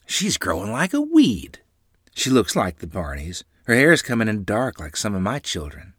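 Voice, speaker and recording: A man's voice: fairly low pitch, wildly swooping pitch, moderate pace, a bit bright, slightly rough, no echo, studio quality, voice pushed up, heavily acted. A man reading a storybook, voicing a fond, modest old grandmother. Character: proud, warm old grandmother.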